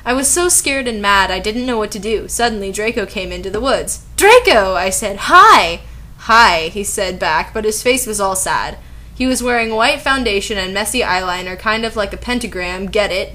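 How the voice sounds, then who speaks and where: A woman's voice: medium pitch, a bit bright. A young woman giving a comedic dramatic reading with sarcastic, incredulous commentary. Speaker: video commentator.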